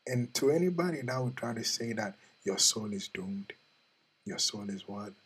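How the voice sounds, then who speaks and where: A man with a somewhat husky, breathy voice gives an earnest motivational talk. He repeats short questions to the listener and talks to them directly and intimately. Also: on the low side, lively intonation, moderate pace, fairly bright tone, poor audio. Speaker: host.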